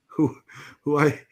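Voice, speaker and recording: Easygoing man in his forties. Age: 40s. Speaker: host. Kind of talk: casual live panel chat.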